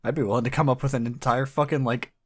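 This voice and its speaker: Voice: mid-range voice, fairly even intonation, fast talker. A speaker on a casual podcast acting as game master, rambling and swearing casually. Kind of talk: casual chat.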